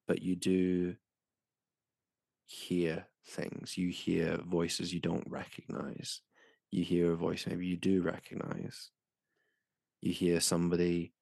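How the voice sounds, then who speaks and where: Deep, gravelly man narrating a game. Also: darkish tone, no echo, studio quality. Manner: measured, descriptive narration. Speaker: game master.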